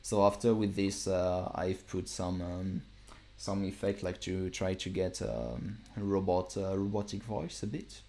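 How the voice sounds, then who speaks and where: Low-voiced man rambling through a music-software walkthrough. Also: measured pace. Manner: relaxed, rambling, many fillers and restarts. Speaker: music producer streaming. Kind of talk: casual live-stream software walkthrough.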